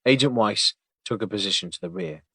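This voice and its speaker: A man's voice: fairly low pitch, fairly quick, pushed and bright, breathy edge, no echo. A man reading a comic audiobook in scripted storybook narration, with a wry, comic storytelling manner.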